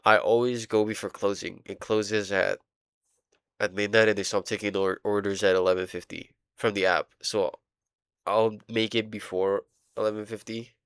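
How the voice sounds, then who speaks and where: A young man rambling casually in a diary vlog, halting and full of fillers, swearing now and then while he plays a game. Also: lowish voice, level tone, fairly bright tone, clean tone, no echo, clean studio sound. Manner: playing a game while talking. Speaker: vlogger.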